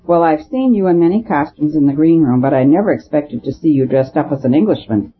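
A reader voicing a fiery young Italian male poet who answers with earnest scorn, heard as a husky voice through tinny phone-like audio. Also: medium pitch, animated, a little fast.

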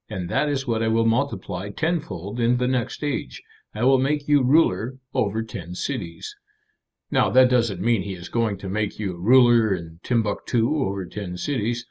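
A man preaching a sermon in an earnest, measured way, with emphatic asides to the congregation. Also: mid-range voice, darkish tone.

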